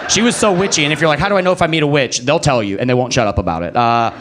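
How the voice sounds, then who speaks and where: A man's voice: racing, noisy background. A young man performing a stand-up comedy set at a comedy club, telling a story and acting out quoted voices. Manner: animated storytelling, acting out quotes with pitch jumps. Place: comedy club stage before a live audience.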